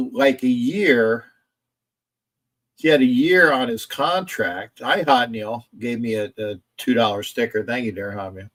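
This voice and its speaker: A sports streamer with a medium-pitched, slightly bright voice rambles through a casual football live stream from his home camera setup. He reads chat messages aloud and argues back at them.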